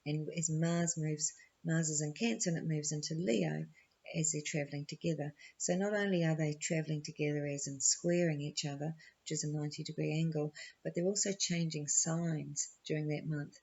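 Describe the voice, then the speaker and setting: Woman reading tarot and astrology, husky and gravelly, flat delivery, rambling with lots of fillers, dull lo-fi recording. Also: deep voice, normal speed. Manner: rambling, thinks aloud with many ums and you knows.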